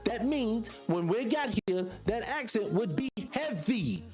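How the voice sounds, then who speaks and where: A man's voice: sits high, very animated, a little slow, music in the background. A man hosting a casual commentary monologue, talking emphatically and firing rhetorical questions straight at his viewers. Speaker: channel host.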